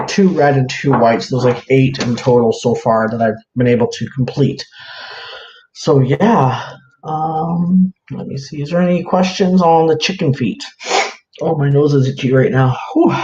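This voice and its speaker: A man chatting casually on a livestream, rambling with lots of fillers as he shows his crafts to viewers. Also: mid-range voice. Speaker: live-streaming craft seller. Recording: roomy, dull lo-fi, faint hiss.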